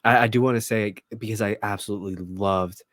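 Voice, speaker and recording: Young male co-host, lowish voice, laid-back and keen, dry close mic. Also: fairly even intonation, fast, a bit bright, dry recording. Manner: laid-back, enthusiastic, says "dude" and "like". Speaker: podcast co-host. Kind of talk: casual review chat.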